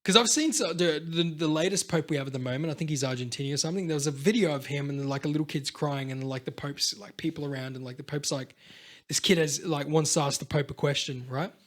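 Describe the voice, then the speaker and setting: A man chatting casually on a podcast, rambling and swearing, now and then acting out loud voices. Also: fairly high pitch, fast talker. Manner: rambling, swears a lot, acts out voices loudly. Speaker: podcast host. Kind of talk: casual chat.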